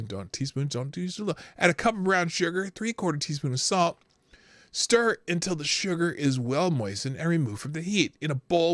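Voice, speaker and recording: A middle-aged man hosts a live morning show, rambling, joking and frequently tripping over his words in casual commentary. His voice is high and fairly bright, captured clean in a studio with no echo.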